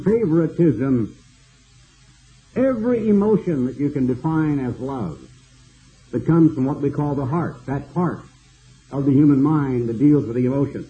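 An older man preaching a sermon, slow and cadenced, building long repeated lists. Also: on the high side, narrow, tinny audio.

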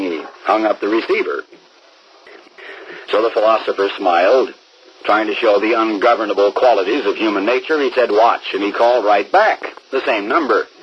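A man's voice: on the low side, slight background noise. Emphatic male radio preacher, muffled broadcast. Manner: emphatic, slowing words down for stress. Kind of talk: radio sermon.

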